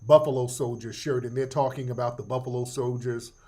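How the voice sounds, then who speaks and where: A man's voice: medium pitch, fairly even intonation, fairly quick, mellow. A middle-aged man hosting a casual livestream commentary, profane and joking, laughing often. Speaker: host.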